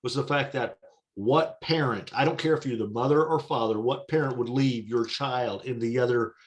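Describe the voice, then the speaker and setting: Halting man in casual chat. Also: medium pitch. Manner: halting, restarts often, agreeable.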